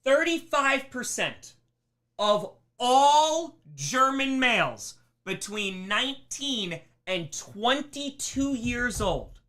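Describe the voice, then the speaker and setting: A man teaching a live history lesson on a stream, emphatic and animated, slipping into mocking voices. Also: very high-pitched, slow pace. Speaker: history teacher on a charity livestream.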